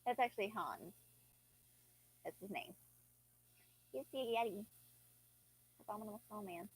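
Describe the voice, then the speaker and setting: A woman's voice: mid-range voice, normal speed, pauses often, slightly rough, dry recording, rough recording. A young woman chatting casually and drowsily while she plays a life-sim game, now and then yawning. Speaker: gaming vlogger. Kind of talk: casual gameplay commentary.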